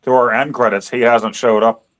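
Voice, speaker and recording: A man's voice: medium pitch, steady tone, normal speed, fairly bright tone. A man from the Pittsburgh area co-hosting a casual chat show, chuckling often and tossing in dry one-liners. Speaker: co-host of a livestream chat show.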